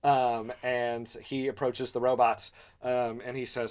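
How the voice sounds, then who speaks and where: A man's voice: medium pitch, flat delivery, unhurried, few pauses, darkish tone, clean tone. A man narrating as game master and hosting a podcast, hesitant and full of fillers.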